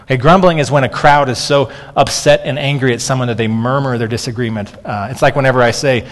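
A man's voice: mid-range voice, steady tone, quick pace, big-room sound. A man in his thirties preaching a sermon as a pastor, talking conversationally and often restarting with "okay.".

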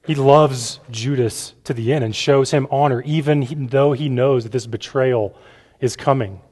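A man's voice: medium pitch, moderate pace, a little mellow. A casual preaching man in a reverberant hall. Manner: casual, often asks "right?", repeats words. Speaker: pastor. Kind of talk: conversational sermon. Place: church room with a gathered audience.

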